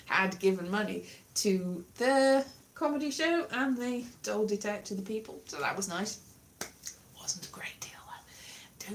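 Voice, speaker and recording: Speaking at a medium pitch over slight background noise, this woman is a livestreamer rambling casually to viewers. She pokes fun at herself and drifts away from whatever she started on.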